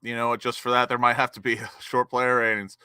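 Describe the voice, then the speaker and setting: A young man hosting a live football watch-along, cheering as an excitable fan. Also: medium pitch, brisk, smooth, no echo.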